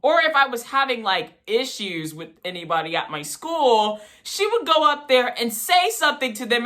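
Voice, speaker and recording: An eighteen-year-old man hosting a vlog, telling casual, animated stories about his mother to the camera. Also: normal speed, hardly any pauses. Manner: animated, mimics his mother with jumps in pitch. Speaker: vlog host.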